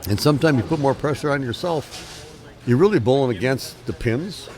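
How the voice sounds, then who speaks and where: A man giving casual commentary on a bowling tournament, chatty and quick to laugh as he announces the matchups. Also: mid-range voice, lively intonation, darkish tone.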